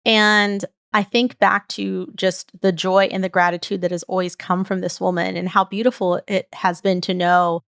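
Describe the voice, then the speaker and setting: A woman's voice: mid-range voice, vocal fry, fairly bright tone, no echo, studio quality. A middle-aged woman hosting a show, telling a personal story in an earnest, heartfelt way. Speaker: podcast host.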